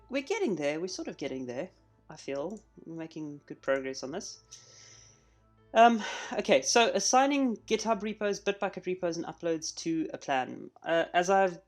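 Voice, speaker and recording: Chatty man live-coding on stream. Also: fairly high pitch. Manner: chatty, thinks out loud while working. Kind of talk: casual live coding walkthrough.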